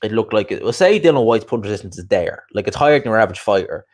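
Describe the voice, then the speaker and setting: A man's voice: fairly low pitch, lively intonation, fast, darkish tone. A man chatting casually as a boxing show host, opinionated and repeating his points for emphasis. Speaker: boxing show host reading viewer comments. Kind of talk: casual livestream chat.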